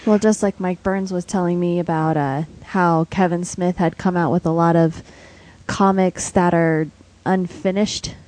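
A woman co-hosting a casual podcast, chatty and quick with asides. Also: fairly low pitch, fairly even intonation, darkish tone. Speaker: podcast co-host.

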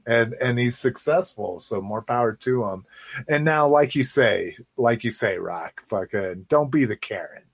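A man's voice: medium pitch, expressive, measured pace, creaky, slightly rough, no room sound. A man hosting a casual toy-collector podcast, talking loosely with lots of swearing and restarts. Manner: loose, profane, restarts often. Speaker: podcast host. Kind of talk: casual chat.

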